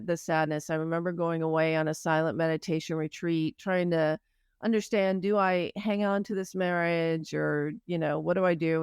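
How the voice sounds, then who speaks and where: A woman's voice: on the low side, a little mellow, clear, resonant tone, no room sound, clean studio sound. A woman hosting a podcast interview, talking in a reflective way and asking long, open questions. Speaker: podcast host. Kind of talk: conversational interview.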